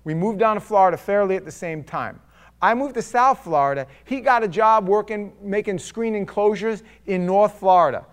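A man preaching a sermon as pastor, conversational and wry, swinging between loud bursts and hushed asides. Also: sits high, normal speed, clean tone.

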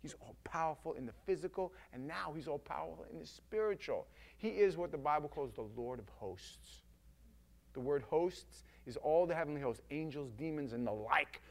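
A male preacher giving a casual, emphatic sermon that swings from loud to hushed. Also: on the high side, lively intonation, moderate pace, gravelly.

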